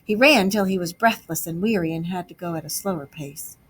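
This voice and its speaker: A woman teacher narrating a storybook aloud to a class, with expressive delivery. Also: lowish voice, a little fast, slightly rough.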